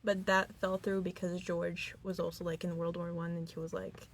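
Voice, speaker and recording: A woman's voice: lowish voice, level tone, moderate pace, slight background noise. A young woman co-hosting a student radio podcast, chatting casually with lots of fillers and giggles. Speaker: podcast co-host.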